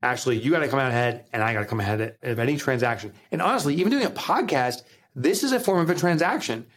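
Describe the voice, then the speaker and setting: A man's voice: medium pitch, quick pace. A man with a New Jersey accent, a guest author talking emphatically in a podcast interview. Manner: emphatic, animated, motivational.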